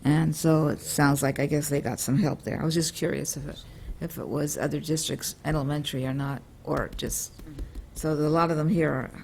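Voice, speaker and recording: A man's voice: on the high side, fairly even intonation, normal speed, vocal fry, a little mellow, a little hiss or hum. A man on a school board asking questions, curious and thinking aloud. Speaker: board member. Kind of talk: questions at a meeting. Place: school board meeting room.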